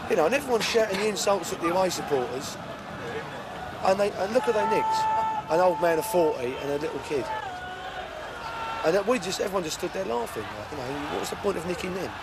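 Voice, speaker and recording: A football supporter telling a story in a wry, amused way. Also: male voice, high voice, expressive, fairly quick, a loud crowd. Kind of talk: telling an anecdote in an interview. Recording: street noise outdoors.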